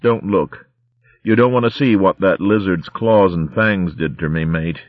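A man voicing a badly wounded female ferret corsair who talks rough sailor slang, in a storybook reading. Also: low-pitched, unhurried, no room sound, phone-quality sound. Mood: weak. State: weak and wounded.

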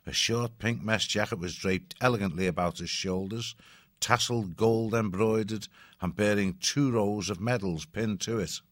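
A man narrating an audiobook story in a measured, even storytelling manner. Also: lowish voice, no room sound, studio quality.

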